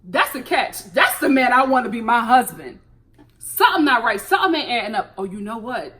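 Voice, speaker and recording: A young American woman giving sassy, animated commentary on a reality show and laughing often. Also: fairly high pitch, brisk. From United States. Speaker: show reviewer.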